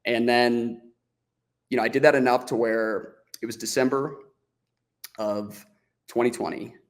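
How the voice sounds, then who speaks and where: A man as a podcast guest, telling a story in a casual, animated way, acting out the dialogue as he goes and often restarting his sentences. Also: medium pitch, a little slow. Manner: frequent restarts and "like" fillers.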